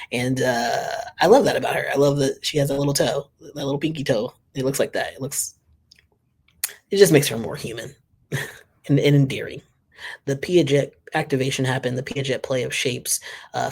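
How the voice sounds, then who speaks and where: Giggly, husky-voiced man reacting. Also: medium pitch. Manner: chatty and giggly, reading social posts aloud. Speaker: reaction channel host. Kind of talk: casual reaction commentary.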